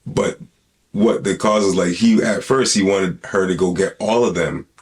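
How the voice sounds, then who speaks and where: A man's voice: low voice, steady tone, normal speed. A man hosting a podcast in casual, rambling talk, full of slang and swearing. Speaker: podcast host.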